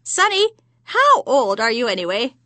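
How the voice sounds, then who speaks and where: A woman voicing a hideous old witch in a told joke, loud, shrill and drawn-out. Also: huge pitch swings, dry recording, heavily acted. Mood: mocking. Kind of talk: storytelling joke, acted voices.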